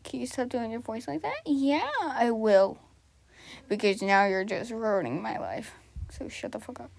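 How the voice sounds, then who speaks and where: A woman doing casual improvised fan role-play, flustered and giggly, stammering and dropping into breathy whispers. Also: a little high, animated, normal speed.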